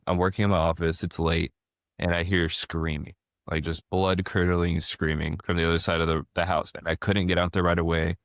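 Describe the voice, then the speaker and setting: Hosting a casual podcast chat, this man in his thirties has a deep voice that sounds close and dry, free of room echo. He's an animated storyteller who frequently restarts his sentences.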